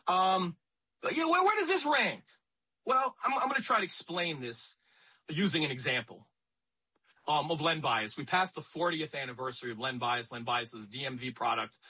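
A man's voice: a little high, expressive, normal speed, bright, forceful tone, breathy edge, rough recording. A man hosting a talk radio show, speaking in a conversational, emphatic way and often repeating himself.

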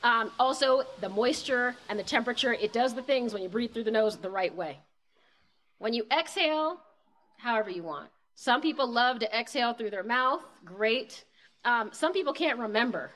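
A woman's voice: fairly high pitch, animated, moderate pace, a bit bright. Casual woman leading a breathing class. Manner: casual, encouraging, counts aloud. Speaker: breathwork instructor. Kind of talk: live guided breathing workshop.

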